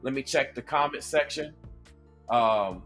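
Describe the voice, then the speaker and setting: Southern man from Atlanta, reaction host, talks casually and keeps checking in with the listener over soft background music. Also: mid-range voice, measured pace. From Atlanta, Georgia. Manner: conversational, checks in with "okay?" and "right?". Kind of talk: casual commentary.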